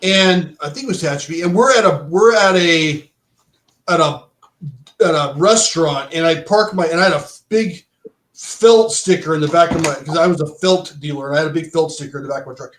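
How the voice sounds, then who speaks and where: Chatty middle-aged man with a high voice. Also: a little fast, fairly bright tone. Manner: rambling storyteller, many restarts and "dude". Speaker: podcast guest, former bike shop owner. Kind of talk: casual chat. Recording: roomy echo.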